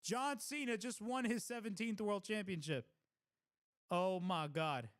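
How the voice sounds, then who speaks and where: A man hosting a live wrestling reaction stream, talking casually, swearing freely and bursting into exclamations and shouts. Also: sits high, a little slow. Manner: excitable, blurts exclamations and shouts at big moments.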